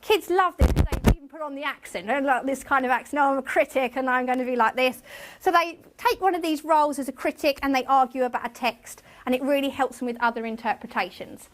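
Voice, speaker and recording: A woman's voice: sits high, brisk, hardly any pauses, a little hiss or hum. A woman teacher presenting a workshop to a room of colleagues, chatty and self-mocking. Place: conference room with tables.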